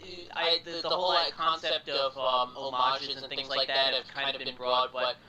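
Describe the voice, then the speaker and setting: A man's voice: medium pitch, flat delivery, normal speed, far from the mic, a crowd in the background. A man hosting a casual film retrospective, earnest and stumbling over his starts. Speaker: podcast host. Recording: roomy room echo.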